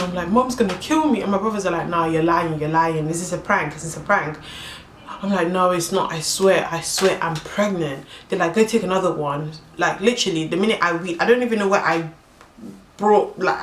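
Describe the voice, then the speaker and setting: A young woman from spins a story for her vlog in a fairly low voice that leaps up whenever she acts out what someone said. The room around her echoes a fair bit, with a faint hiss underneath. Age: young adult. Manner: animated, jumps into high excited quoted voices, laughs through the story. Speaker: vlogger.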